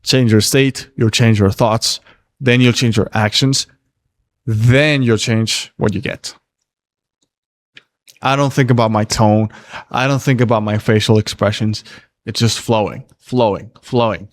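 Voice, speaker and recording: A man's voice: lowish voice, steady tone, measured pace, no room sound. A man coaching on dating during a casual livestream Q&A, reading viewer questions aloud and answering in a blunt, profane, laid-back way.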